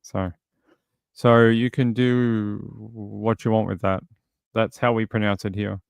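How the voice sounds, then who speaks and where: A man's voice: lowish voice, level tone, takes it slowly, creaky, smooth, no echo. A man casually commenting on a true crime case during a livestream, reading and answering chat, rambling with lots of fillers. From outside the US. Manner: rambling, many fillers and restarts.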